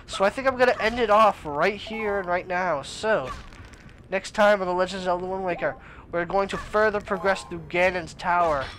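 A man's voice: high-pitched, moderate pace, a bit bright, low-quality recording. A young man commentating his own gameplay as a let's play host, exasperated and exclaiming at the game.

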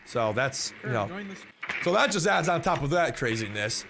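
A man's voice: mid-range voice, sing-song, moderate pace, creaky, background noise. A young man telling a story in a casual, rambling way, often repeating words and swearing bluntly. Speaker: vlogger.

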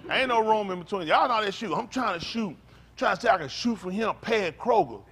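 An older man preaching in a fiery, profane rant. His voice sits high and leaps around wildly in pitch, and he swings from shouted outbursts to low, weary mutters. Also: expressive, a little fast, a little hiss or hum. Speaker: pastor.

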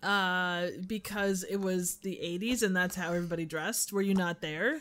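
A woman guest on a casual film commentary, reacting in an animated, laughing way. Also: lowish voice, moderate pace.

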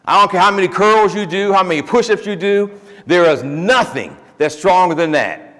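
A man's voice: sits high, moderate pace. Give me an emphatic male pastor in a reverberant church. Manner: emphatic, lively, joking asides. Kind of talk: sermon and closing prayer. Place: church sanctuary. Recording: long reverb of a church hall.

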